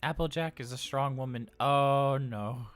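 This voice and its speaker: A man's voice: mid-range voice, measured pace, a bit bright, natural voice. A man voicing an anxious, cheerful male robot daycare attendant on a live role-play stream, chatty and flustered, rambling with stammers. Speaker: livestream role-player.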